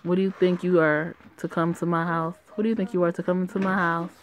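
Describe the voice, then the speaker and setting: A woman reading the lines of a cold, pushy young boyfriend in a flat, barely changed voice. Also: fairly low pitch, fairly quick, a crowd in the background, natural voice, poor audio.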